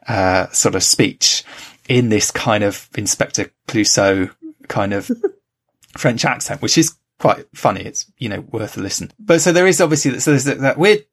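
A man's voice: lowish voice, moderate pace, gravelly. A man co-hosting a podcast, talking things through in a casual, thoughtful way with lots of hedging and fillers. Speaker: podcast co-host. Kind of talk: casual discussion.

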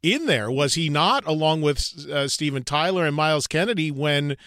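A man's voice: a little high, expressive, normal speed, fairly bright tone, dry recording, clean studio sound. A man hosting a podcast interview, asking questions and rephrasing them partway through. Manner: probing, rephrases questions mid-sentence.

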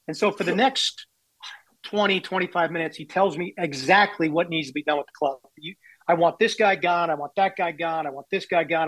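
Brief: man, 60s, raised-pitch voice, candid anecdotal storyteller, dry close sound. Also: a little fast, fairly bright tone, no room sound, low-quality recording. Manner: candid, self-deprecating anecdotes. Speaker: baseball executive guest. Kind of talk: storytelling interview.

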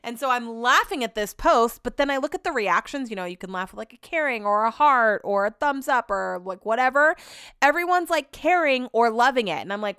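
A woman's voice: on the high side, animated, brisk, a bit bright, smooth, dry recording, studio quality. A woman hosting her own podcast, rambling casually and swearing freely as she chats about her week. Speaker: podcast host. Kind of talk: casual solo podcast chat.

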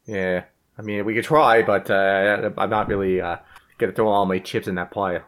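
A man's voice: fairly low pitch, fairly even intonation, normal speed, a bit bright, voice pushed down, lightly acted. A man playing a jittery male 1920s gangster who stammers and panics. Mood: nervous.

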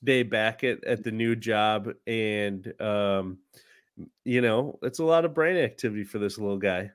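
A man co-hosting a casual podcast, sounding tired, relaxed and teasing, quick to laugh. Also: lowish voice, clean tone. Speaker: podcast co-host. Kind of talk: casual comedic chat.

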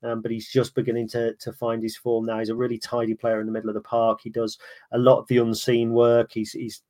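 A man chats as a podcast guest, talking at length with frequent restarts. His voice sits at a middling pitch and stays flat and even. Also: brisk. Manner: chatty, many restarts, laughs easily. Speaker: podcast guest, fan of the opposing club. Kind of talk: casual podcast chat.

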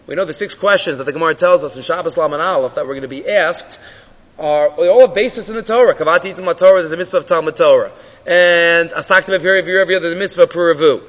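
A man with a high voice delivers a lively Torah class, telling the story and firing questions at his listeners before he answers them. He drops Hebrew and Yiddish terms into his English. The sound is a little dull, with a long echo as if from a hall. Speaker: Torah teacher. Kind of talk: animated Torah class lecture.

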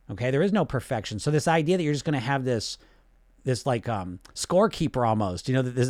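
A man's voice: mid-range voice, a little mellow, dry recording, studio quality. A man coaching on weight loss in an instructional talk, conversational and often checking in with tag questions.

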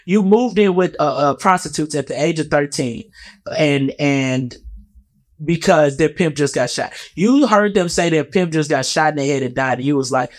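A man in his thirties, a comedian giving casual reaction commentary, animated and profane, stumbling over repeated fillers. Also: on the high side, normal speed. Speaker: comedian and actor commenting on an interview.

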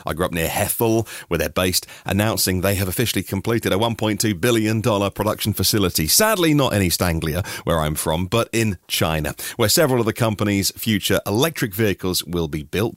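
A man's voice: fairly low pitch, dry recording, clean studio sound. A middle-aged man from Norfolk, hosting a daily news podcast in a chatty way with personal asides. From Norfolk, England. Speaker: podcast host.

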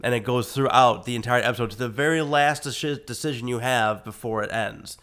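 A man chatting casually as a podcast co-host, his voice rough from being sick, rambling with lots of fillers and easy swearing. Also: medium pitch, fairly quick, fairly bright tone. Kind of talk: casual chat.

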